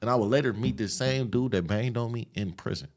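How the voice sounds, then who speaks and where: A man from the Los Angeles area, a podcast guest retelling his past in an animated, streetwise, profane way. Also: medium pitch, a little fast. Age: adult, after an 18-year sentence. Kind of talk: casual storytelling interview.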